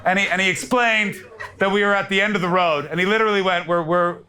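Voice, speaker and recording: A man in his thirties telling stand-up stories on stage, animated, breaking into mock crying and voices. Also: sits high, quick pace. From Canada. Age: 30s. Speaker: stand-up comedian. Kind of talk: stand-up comedy storytelling. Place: live comedy club stage. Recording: live room with clear crowd noise. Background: audience laughter.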